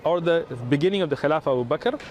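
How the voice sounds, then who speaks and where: An earnest, persuasive man, talking to a stranger outdoors in the city. His voice sits slightly high for a man, and he explains patiently and at length. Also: expressive, racing, a little mellow. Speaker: religious outreach volunteer. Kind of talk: street conversation explaining religion.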